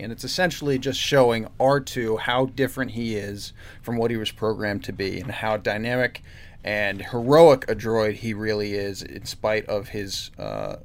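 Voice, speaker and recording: A man co-hosting a podcast, recapping a comic plot in casual chat with frequent filler words. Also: on the low side. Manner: recapping plots with many "uh" fillers. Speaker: podcast co-host.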